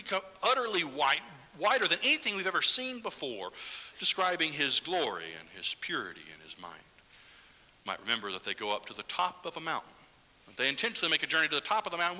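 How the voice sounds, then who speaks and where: A man preaching a Sunday sermon with a lively, swooping delivery and a bright, forceful edge, now and then sinking to a hushed whisper for emphasis. His voice carries the long reverb of a church hall. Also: fairly high pitch. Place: church sanctuary.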